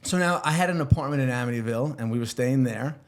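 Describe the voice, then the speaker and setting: A man spins a rowdy personal story as a podcast guest, very animated and quick to swear, jumping into the voices of the people in it. His voice sits at an ordinary middle pitch for a man. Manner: animated, swears freely, acts out quotes. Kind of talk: casual storytelling.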